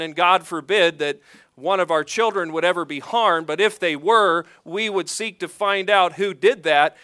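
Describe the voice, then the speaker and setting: A man's voice: high-pitched, bright, forceful tone, smooth, no room sound, studio quality. A man preaching a sermon as pastor, earnest and emphatic, reading scripture and then explaining it to his congregation.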